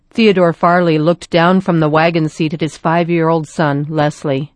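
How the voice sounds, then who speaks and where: A woman reading a children's story aloud in a gentle, even storytelling manner. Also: deep voice, a little slow, hardly any pauses, no room sound. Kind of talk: scripted story narration.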